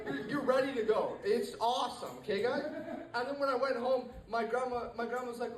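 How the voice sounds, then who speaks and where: A man's voice: very high-pitched, brisk, a little hiss or hum. A teenage man doing a rambling stand-up set, full of fillers and restarts, to a live room. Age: teens. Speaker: stand-up comedian. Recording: echoey room, mic far off.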